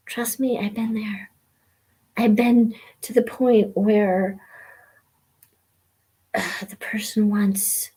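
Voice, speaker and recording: A woman hosting a live stream, talking in a halting way with many fillers and repeated words, sometimes dropping to a whisper. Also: on the high side, darkish tone, husky. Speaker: host of a weekly live stream. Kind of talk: casual personal talk.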